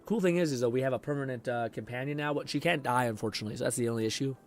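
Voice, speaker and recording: A hoarse man casually commenting on a game as he streams it, rambling, swearing freely and reading chat messages aloud. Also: mid-range voice, rapid-fire, soft background music.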